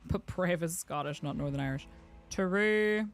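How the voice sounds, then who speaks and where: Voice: medium pitch, measured pace, faint music behind. A streamer from the UK giving wry, muttering running commentary while playing a game. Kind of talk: casual gameplay commentary.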